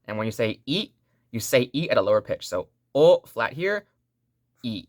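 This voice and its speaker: A woman's voice: rumbling low, lively intonation, moderate pace, a little mellow, no room sound, studio quality. A woman teaching a language lesson online in a playful, joking way, repeating sounds for learners to say back.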